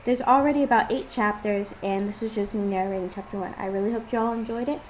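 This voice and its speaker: A woman's voice: medium pitch, fairly even intonation, fast, darkish tone, a little hiss or hum, low-quality recording. Casual woman reading her own story. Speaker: fan fiction author and reader.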